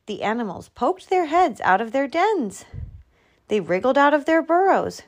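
A woman reading a children's picture book aloud, slow and expressive. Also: sits high. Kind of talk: storybook read-aloud.

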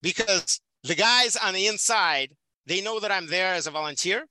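A man's voice: high voice, normal speed, sharp tone, slight background noise, poor audio. A man from the Soviet Union talking passionately as a podcast guest, repeating words for emphasis. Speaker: podcast guest, prison volunteer teacher. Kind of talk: casual conversational interview.

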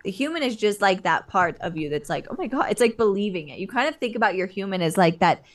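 A woman's voice: mid-range voice, fast talker. A woman guest on a podcast, talking casually and laughing easily about spiritual ideas. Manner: relaxed, laughs often, spiritual talk.

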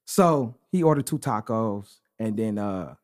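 This podcast co-host, a young adult man, speaks on the low side at a measured pace. His storytelling is slangy and animated, peppered with repeated "bro."

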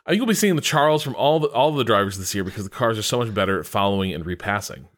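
A man co-hosting a casual podcast, reading listener mail and then talking in a hesitant, halting way. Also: fairly low pitch, animated. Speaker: podcast co-host.

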